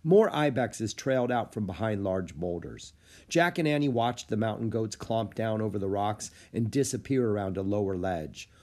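A man narrating a children's book with lively storytelling. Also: lowish voice, normal speed. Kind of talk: audiobook reading of a children's book.

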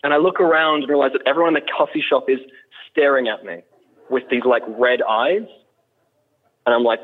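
A man's voice: mid-range voice, a little fast. An Australian man calling into a live show, telling a rambling story and laughing at himself. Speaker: caller. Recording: tinny phone line.

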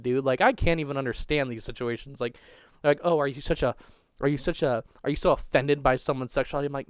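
Hurrying through crude storytelling on a podcast, a young man in a mid-range voice rambles profanely at a quick pace, tripping over restarts. His voice is clean and smooth, recorded close and dry with no echo or room sound.

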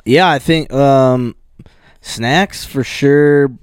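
A young man in easygoing podcast banter who agrees readily and drifts into little anecdotes. His voice sits at a middle pitch. The mic is close and dry. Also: extremely slow, clean tone, no echo. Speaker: podcast co-host. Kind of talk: casual chat.

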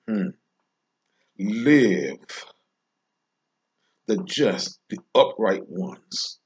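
A man delivering an informal devotional sermon, slow and emphatic, repeating phrases with long pauses. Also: mid-range voice, animated. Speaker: preacher.

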